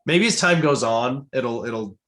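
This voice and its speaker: Chatty man with halting restarts. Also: mid-range voice. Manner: animated, halting with repeated restarts. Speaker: guest Tolkien expert. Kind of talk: casual podcast chat.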